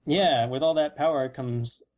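A man co-hosting a casual comedic chat, cracking deadpan jokes and acting out mock quotes. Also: mid-range voice, measured pace.

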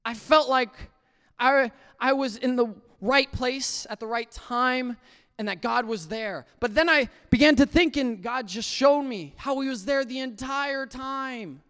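Earnest man with a high, clear voice. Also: unhurried, long reverb tail. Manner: earnest, swings from hushed to loud and emotional. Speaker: testimony speaker. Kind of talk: personal faith testimony.

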